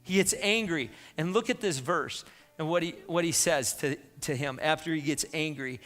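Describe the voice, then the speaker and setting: A male pastor delivers a sermon in a bright, forceful voice that sits a little high. He talks to the congregation in an emphatic, conversational way. The sound rings through a church with a long reverb, with soft music underneath. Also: moderate pace. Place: church sanctuary.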